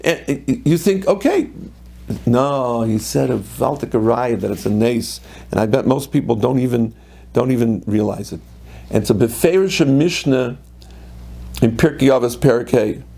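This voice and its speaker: A man's voice: medium pitch, moderate pace, gravelly, warm tone. A middle-aged man, a rabbi giving a sermon, telling stories and acting out what people said, with Hebrew and Yiddish terms mixed in.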